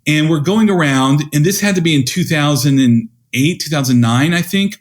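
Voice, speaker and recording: A man's voice: a little high, moderate pace. A man in his fifties, a podcast guest and educator, telling stories and acting out the dialogue he quotes. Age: 50s. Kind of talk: conversational storytelling.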